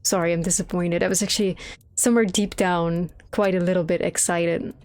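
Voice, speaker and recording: A woman's voice: lowish voice, flat delivery, a little fast, darkish tone. A young adult woman streaming a video game, rambling casually, swearing a lot and mocking what she sees in sarcastic quoted voices. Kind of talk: casual live-stream commentary.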